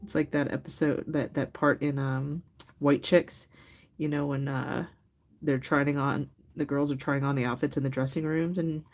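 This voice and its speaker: Low-voiced chatty woman on a livestream. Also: steady tone, moderate pace, a little mellow. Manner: chatty, laughs often, loose storytelling with many fillers. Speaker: craft livestream host. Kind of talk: casual chat with live viewers. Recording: faint music behind.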